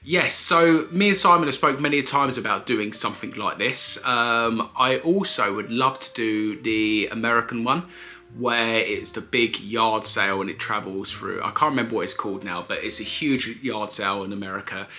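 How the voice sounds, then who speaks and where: A man's voice: lowish voice, normal speed, pushed and bright, a little hiss or hum. A man, casually answering viewer questions in a chatty, explanatory vlog. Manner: chatty, explanatory, self-correcting. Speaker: eBay reseller vlogger.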